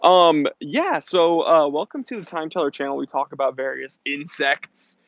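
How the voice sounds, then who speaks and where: American man, live-stream host, upbeat and chatty, slightly high voice, dry sound, dull lo-fi audio. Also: moderate pace, dry recording. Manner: chatty and upbeat, reads viewer comments aloud, laughs often. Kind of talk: casual live-stream chat.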